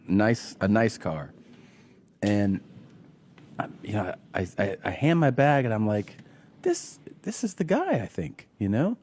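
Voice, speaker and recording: A man's voice: lowish voice, darkish tone. A man hosting a podcast who tells funny stories and acts out the voices of the people he quotes. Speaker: podcast host. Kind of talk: casual comedic storytelling.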